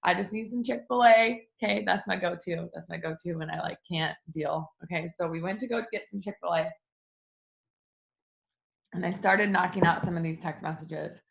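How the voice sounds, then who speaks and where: A chatty woman with a somewhat low voice, talking straight to her viewers in a casual vlog. She tells a personal story at a relaxed, conversational clip. She jumps up in pitch when she acts out what people said. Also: normal speed, vocal fry. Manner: chatty, addresses viewers directly; acts out quoted exchanges in a higher voice. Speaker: small business owner vlogger.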